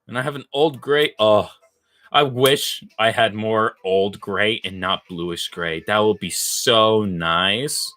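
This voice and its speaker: A man chatting casually on a livestream while he builds, playful and rambling, poking fun at himself as he thinks out loud. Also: lowish voice, takes it slowly. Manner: playful, rambling, self-mocking, thinks aloud. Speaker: livestreamer building brick models.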